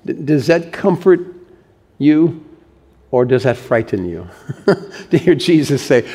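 Animated male preacher. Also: medium pitch, slow, pauses often, breathy edge. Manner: animated preaching, swings from loud to hushed. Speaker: pastor. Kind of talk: sermon.

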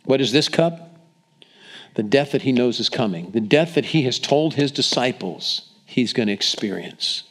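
A man's voice: medium pitch, expressive, moderate pace. A middle-aged man preaching a sermon in an earnest, conversational way, asking the congregation questions. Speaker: pastor.

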